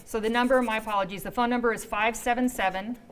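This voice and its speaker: A woman's voice: fairly high pitch, fairly even intonation, quick pace, a little hiss or hum, low-quality recording. A woman hosting a medical talk show from a TV studio, chatting casually and joking at her own expense. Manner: chatty, joking, self-deprecating.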